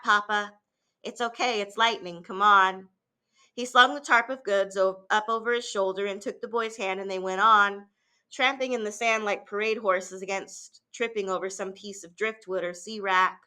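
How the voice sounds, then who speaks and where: The speaker is a teacher, a woman whose pitch sits in the middle range, reading a novel to listeners. Her reading is calm and measured, broken only by a handful of small fillers and restarts.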